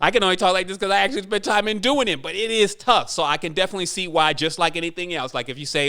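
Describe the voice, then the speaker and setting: Guy with a higher voice preaching on his spiritual podcast, emphatic, does little voices of people. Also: quick pace, few pauses, bright, forceful tone, clean tone. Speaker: podcast host.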